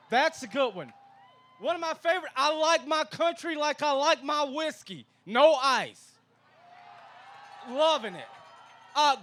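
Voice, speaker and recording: Man, rally emcee, very high pitch, relaxed and chatty. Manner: easygoing, chatty, says y'all. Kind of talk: casual stage hosting. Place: outdoor park rally.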